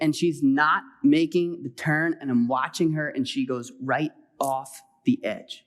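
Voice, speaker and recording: A middle-aged man preaching a sermon as pastor, telling a personal story with animated swings between loud exhortation and quiet, hurried asides. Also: medium pitch.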